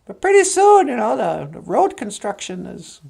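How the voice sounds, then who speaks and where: A woman's voice: a little high, very animated, moderate pace, gravelly, darkish tone, slightly rough. A woman rambling through a comedic story as a cartoon narrator, chatty and offhand. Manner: chatty and rambling, switching into character voices.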